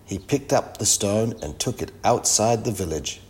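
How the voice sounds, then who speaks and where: A man reading a children's story aloud with lively expression. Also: lowish voice, normal speed. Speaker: narrator.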